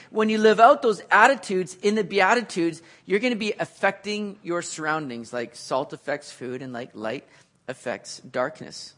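High-voiced male preacher, earnest. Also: a bit bright. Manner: earnest, rising to emphatic peaks then dropping low. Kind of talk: sermon.

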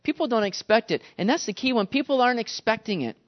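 A man's voice: very high-pitched, fast talker, highs cut off. A man preaching a sermon, telling stories with animation and acting out the quotes. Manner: animated storytelling, acts out quotes. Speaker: pastor.

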